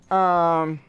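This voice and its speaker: A Mississippi streamer rambles through casual livestream chat in a smooth, mid-range voice, playful and teasing, still coughing from a recent illness. The audio is dull and has no room sound.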